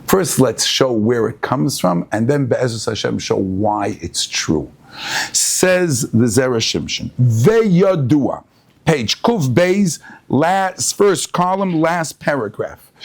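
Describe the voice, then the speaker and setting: Animated rabbi teaching a Torah class. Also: male voice, a little high, slow pace. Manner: animated, mixes Hebrew and Yiddish, rises to excited emphasis.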